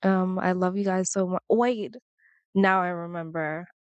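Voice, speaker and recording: A young woman talks casually to her viewers, wandering from thought to thought and breaking into laughter. Her voice sits low for a woman. The recording is close and dry, with no room sound. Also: fairly even intonation, measured pace, no room sound, highs cut off. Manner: chatty, rambling, laughs often, quotes people in voices. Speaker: vlogger. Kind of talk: casual chat to camera.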